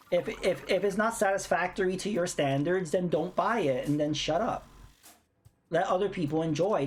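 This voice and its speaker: A woman's voice: on the low side, a little mellow, slight background noise. A woman streamer ranting bluntly in casual chat while playing a game, swearing freely. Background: faint game music.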